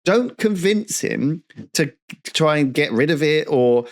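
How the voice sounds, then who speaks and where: A man chatting on a casual podcast in an emphatic, blunt way, circling back with rhetorical check-ins. His voice sits slightly high for a man. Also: expressive, a little slow. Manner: emphatic, keeps asking "do you know what I mean". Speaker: podcast co-host.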